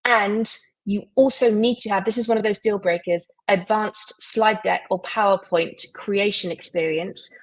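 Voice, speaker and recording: A woman hosting a live recruiting show, pitching job openings briskly with frequent "um"s. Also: fairly even intonation, no echo, rough recording.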